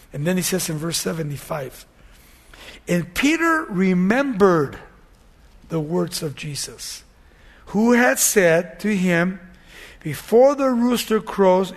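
A pastor delivering a sermon in a notably high male voice. He retells scripture with animated storytelling and acts out the scenes before sinking into a hushed prayer. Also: creaky, slightly rough.

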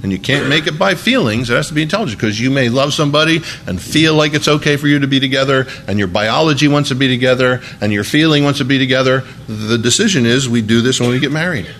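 Man, pastor type, mid-range voice, talks the sermon through like a chat, soft hum behind. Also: mid-range voice, expressive, fast talker, few pauses. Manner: conversational, folksy preaching with emphatic asides.

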